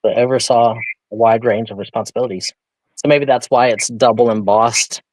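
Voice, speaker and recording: A man's voice: mid-range voice, fairly even intonation, normal speed, darkish tone, no echo, low-quality recording. A man hosting a live online auction, chatting casually and thinking aloud about the items he shows. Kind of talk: casual live-stream selling.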